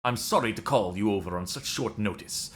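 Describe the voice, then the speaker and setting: A man's voice: fairly low pitch, fairly quick, a bit bright, natural voice. A man reading game dialogue as a French resistance contact, in an overdone put-on French accent. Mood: earnest briefing.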